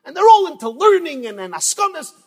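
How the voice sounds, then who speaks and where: A troubled teenage boy complains in a raised, aggrieved voice, with a male preacher doing him, high and husky. A long hall echo trails behind. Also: sing-song, fairly quick. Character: troubled teenage boy, the family black sheep. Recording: long reverb from a large hall.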